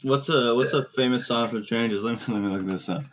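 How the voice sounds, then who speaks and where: A young man co-hosting a podcast, playful and teasing in casual music chat. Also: medium pitch. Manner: playful, teasing, quick laughs. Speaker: podcast co-host. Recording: dull lo-fi mic.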